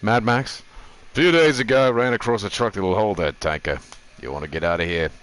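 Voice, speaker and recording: A man doing animated, joking commentary while streaming a video game and talking to his chat. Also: on the low side, a little fast, clear, resonant tone. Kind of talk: gaming commentary.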